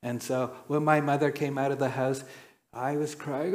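A man preaching a sermon, telling stories and acting out quoted lines with sudden jumps in pitch. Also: level tone, normal speed. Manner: storytelling, acts out quotes with dramatic pitch jumps.

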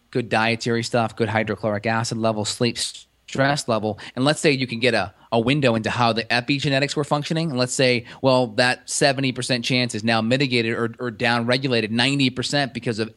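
A man's voice: medium pitch, fairly bright tone. A man co-hosting a casual health podcast, explaining clinical details in an easygoing, explanatory way with frequent restarts. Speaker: functional medicine practitioner co-host.

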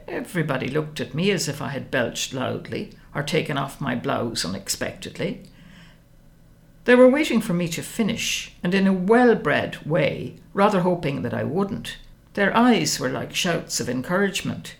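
Expressive woman narrating with gravelly lilt. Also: a bass voice, normal speed. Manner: wry, expressive storytelling. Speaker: audiobook narrator. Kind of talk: first-person novel narration.

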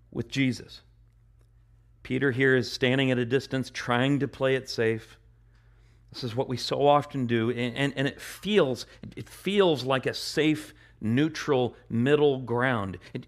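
A male pastor preaching a sermon in an earnest way, often repeating and restarting his phrases and growing impassioned at his high points. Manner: turns impassioned and louder at climaxes.

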